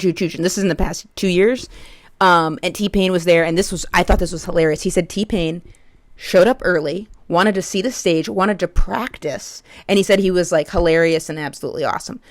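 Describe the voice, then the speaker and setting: A woman's voice: lowish voice, no echo. Woman comedian, solo podcast riff, rambling and profane, dry close mic. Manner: rambling, profane, animated riffing.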